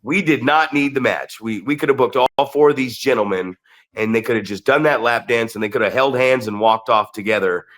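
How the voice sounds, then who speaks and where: A man co-hosting a wrestling podcast, telling stories in an animated, excitable way with lots of restarts. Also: medium pitch, fairly quick. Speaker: podcast co-host and wrestling promoter. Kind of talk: casual storytelling chat.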